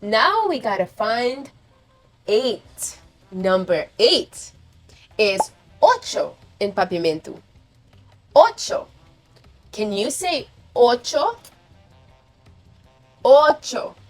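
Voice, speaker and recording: Woman children's teacher, high animated voice, slow and encouraging, faint music bed. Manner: slow, cheerful, praising and prompting children to repeat. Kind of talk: kids' counting lesson.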